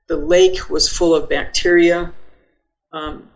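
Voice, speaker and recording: A woman's voice: lowish voice, normal speed, creaky, rough recording. An older woman, a podcast guest, telling a personal story vividly and acting out her own thoughts as she goes.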